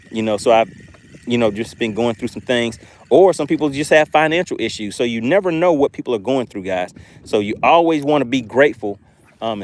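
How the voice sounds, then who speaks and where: Chatty Southern man hosting a fishing livestream. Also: medium pitch. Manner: reads viewer comments aloud, laughs often, friendly and chatty. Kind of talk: live-stream chat while fishing. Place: outdoors fishing.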